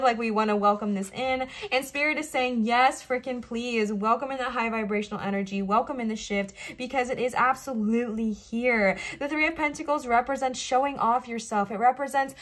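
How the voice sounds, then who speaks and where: A woman giving a pick-a-card tarot reading, talking fast in an upbeat, gushing way and passing on affirming messages from Spirit. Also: on the high side, a bit bright. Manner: affirming, uplifting, channeling Spirit. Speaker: tarot reader.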